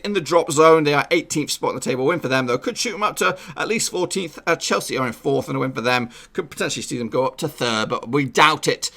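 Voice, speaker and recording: A man vlogging his football predictions in a casual, jokey way, shouting out viewers with repeated catchphrases. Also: fairly high pitch.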